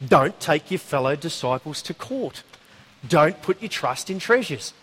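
A man preaching a sermon, telling a story in a conversational, animated way with asides. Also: on the high side, measured pace, breathy edge.

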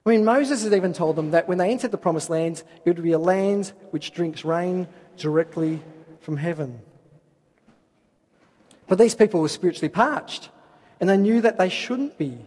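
A man's voice: sits high, lively intonation, normal speed, darkish tone, slightly rough. A man preaching a sermon, asking rhetorical questions and reading scripture aloud. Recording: long hall reverb.

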